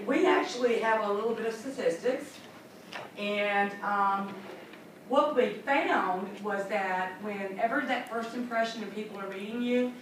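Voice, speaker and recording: A woman trainer leading a classroom training session, upbeat and chatty, acting out little scenes. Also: mid-range voice. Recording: echoey room from far off, noisy.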